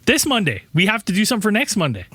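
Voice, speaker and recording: A man co-hosting a podcast, bantering quickly with profane jokes in casual chat. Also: sits high, wildly swooping pitch, fairly bright tone, slightly rough. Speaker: podcast co-host.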